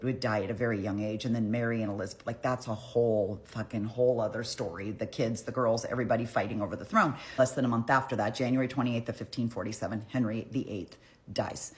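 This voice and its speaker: A woman's voice: extremely low pitch, fairly even intonation, a little fast, a little mellow. A woman telling a history story in a casual, irreverent, profane, chatty way.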